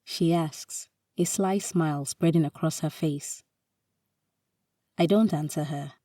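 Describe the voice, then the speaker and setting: Slow, low-voiced woman storyteller. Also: mellow, dry recording, clean studio sound, distant mic. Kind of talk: reading a romantic short story.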